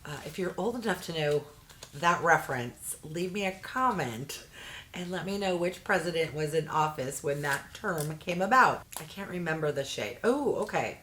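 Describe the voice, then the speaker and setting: A woman's voice: low-pitched, animated, normal speed, fairly bright tone, a little hiss or hum. A middle-aged woman chatting casually as she unboxes beauty products, easily delighted and making jokey asides. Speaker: unboxing vlogger.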